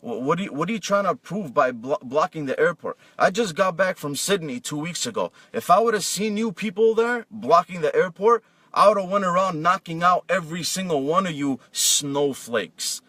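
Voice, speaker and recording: A man's voice: a little high, expressive, normal speed, hardly any pauses, sharp tone, dry recording, distant mic. A man delivering an aggressive political rant, often stumbling and restarting as he talks. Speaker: political vlogger.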